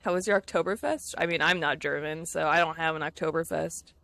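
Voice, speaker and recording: A woman's voice: low-pitched, brisk, creaky, fairly bright tone, no room sound. A woman streaming a video game, chatting casually and laughing easily with her viewers as she plays. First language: English. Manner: chatty, giggly, easily distracted. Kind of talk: casual gameplay chat with viewers.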